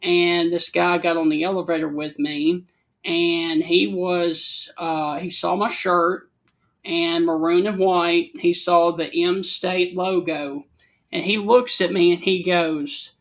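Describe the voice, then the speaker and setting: A man's voice: high voice, little pitch movement, slow pace, a bit bright. A man from Alabama with a Southern accent, co-hosting a casual talk show and telling stories in an easygoing way. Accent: Southern American. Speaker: co-host. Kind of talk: casual chat.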